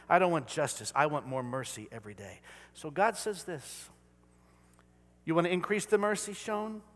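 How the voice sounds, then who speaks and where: Pastor preaching in an echoing church. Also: male voice, medium pitch. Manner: swings from hushed whispers to loud exclaiming. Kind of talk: sermon. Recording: reverberant church hall.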